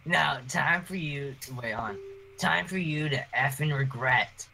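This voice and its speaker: A woman's voice: sits low, a little slow, creaky, a crowd in the background, rough recording. A woman hosting a let's play, voicing characters playfully and laughing often with her friends. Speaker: host voicing characters in a game.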